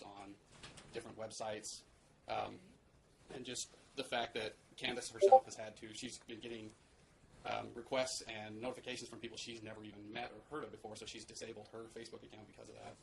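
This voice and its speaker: A man's voice: on the low side, steady tone, quick pace, vocal fry. A man arguing as an attorney in a courtroom, urgent and repeating words as he presses his points to the judge. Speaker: attorney for the plaintiff. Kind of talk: courtroom argument. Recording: noisy courtroom recording.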